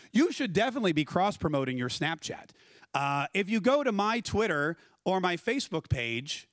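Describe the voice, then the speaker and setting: A man giving a conference keynote talk, telling stories in a lively, conversational way and putting questions to the audience. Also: high-pitched, dry recording. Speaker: keynote speaker. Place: conference stage.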